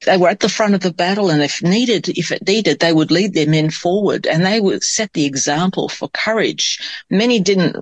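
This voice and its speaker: A man's voice: high-pitched, moderate pace, few pauses, breathy edge, no room sound. Man reading scripture, dry sound. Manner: reads scripture aloud, then comments thoughtfully. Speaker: Bible study discussant. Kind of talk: Bible study discussion.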